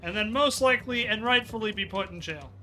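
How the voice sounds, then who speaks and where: A man's voice: sits high, fairly quick, bright, forceful tone, faint music behind. A man who is a Twitch streamer, chatting casually and bluntly while he plays a game. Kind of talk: casual gameplay commentary.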